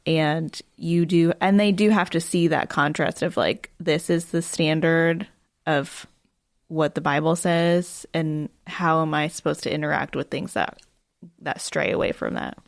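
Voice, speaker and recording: Brief: young woman guest, chatty storyteller, low voice with vocal fry, dry close sound. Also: fairly even intonation, unhurried, no room sound. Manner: chatty, storytelling with many fillers. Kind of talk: casual conversation.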